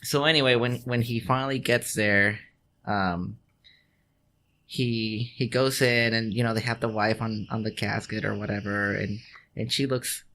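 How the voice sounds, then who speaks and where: A man's voice: lowish voice, fairly even intonation, measured pace, sharp tone. A man co-hosting a podcast in casual chat, rambling and swearing, with many restarts and laughs. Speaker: podcast co-host.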